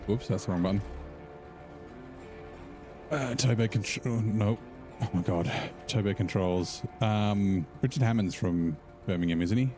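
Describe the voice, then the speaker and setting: Low-voiced male streamer, relaxed rambling chat over faint game music. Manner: rambling, easygoing, thinking aloud. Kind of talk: casual live-stream chat while playing. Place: room at home.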